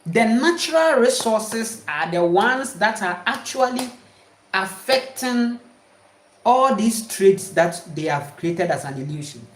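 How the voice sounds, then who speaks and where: A woman's voice: a little high, very animated, takes it slowly. A woman giving an emphatic, repetitive spiritual talk to her viewers. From Ghana. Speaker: spiritual speaker. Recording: roomy echo.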